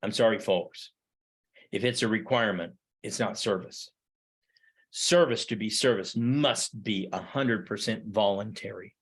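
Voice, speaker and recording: A man's voice: fairly low pitch, measured pace, slightly rough. Emphatic middle-aged man lecturing. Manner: emphatic, with repeated rhetorical questions. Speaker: history teacher. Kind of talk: classroom lecture.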